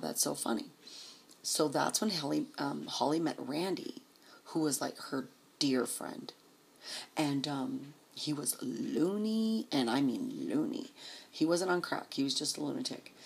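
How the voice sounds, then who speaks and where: A woman's voice: sits low, gravelly, a bit bright, breathy edge. A woman vlogger telling a rambling, profane story in a casual way, chuckling as she goes.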